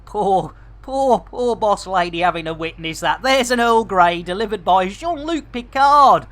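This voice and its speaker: A woman chatting casually and jokily to her viewers while she plays a game live, full of slang and quick to laugh. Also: medium pitch, animated, fairly bright tone. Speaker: game streamer. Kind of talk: casual live-stream chat while playing.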